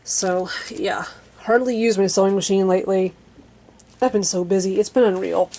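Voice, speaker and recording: A woman's voice: mid-range voice, fairly even intonation, normal speed. Rambling chatty young woman vlogging. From American Midwest or South region. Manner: rambling, many fillers like "like" and "um"; frank and chatty, laughs softly between thoughts. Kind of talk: casual chat to camera. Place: her bedroom in a basement.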